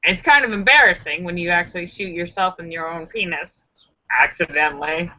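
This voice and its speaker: A woman's voice: on the low side, a little fast, bright, forceful tone, muffled recording. A woman hosting a casual live stream, chatting with viewers in a sassy, joking, self-mocking way.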